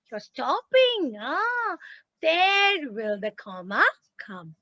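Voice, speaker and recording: A woman teacher with an Indian English accent, giving an online lesson in a lively, emphatic way and repeating words for stress. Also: sits high, slow, dry recording, dull audio.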